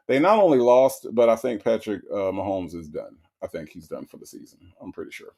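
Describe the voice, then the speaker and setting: A man's voice: medium pitch, normal speed, few pauses, darkish tone. A man hosting a comedic commentary stream, reading chat aloud and mocking with frequent laughs. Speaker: host.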